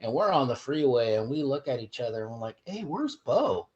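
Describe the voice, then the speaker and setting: A man's voice: mid-range voice, fast talker, a little mellow, highs cut off. A middle-aged man telling a rambling story in casual podcast chat, with some swearing.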